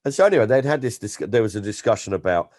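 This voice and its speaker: A man, a comedian, chatting as an interview guest and telling stories in an animated way, often slipping into impressions. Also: on the low side, fast. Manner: animated storyteller, slips into impressions. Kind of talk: casual interview chat.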